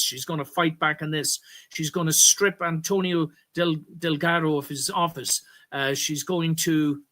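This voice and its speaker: A man's voice: fairly high pitch, pushed and bright. An Irish man hosting a political commentary, talking in a rambling way, often correcting himself and pushing hard on key words. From Ireland. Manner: rambling, stops to correct himself, emphatic bursts. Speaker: commentary host.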